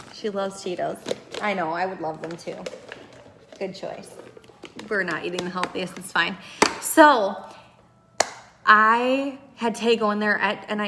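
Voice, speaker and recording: Against a noisy background, a young mom vlogger with a voice on the high side talks casually about getting her baby to bed. She rambles, restarting often and filling gaps with filler words.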